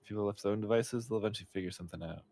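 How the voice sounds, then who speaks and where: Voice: low-pitched, rapid-fire, gravelly. A co-streamer chatting casually and making dry, reflective remarks.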